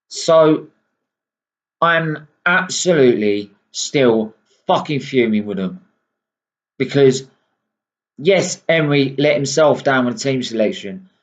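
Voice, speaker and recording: A man ranting angrily about his football club, swearing often and tagging "right?" onto his sentences. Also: mid-range voice. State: unwell. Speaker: football fan vlogger. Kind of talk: angry ranting monologue. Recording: dull lo-fi sound.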